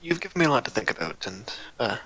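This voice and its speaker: A man's voice: medium pitch, sing-song, fast, bright, forceful tone, poor audio. A man playing a wry, wary young prince. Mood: formal. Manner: dry, polite, hesitant with many ums.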